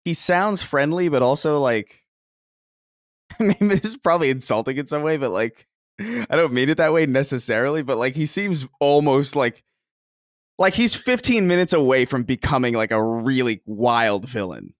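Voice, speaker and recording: A man's voice: medium pitch, expressive, normal speed, no echo. Chatty man, dry close sound. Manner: chatty, rambling with many fillers. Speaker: podcast co-host. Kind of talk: casual podcast chat.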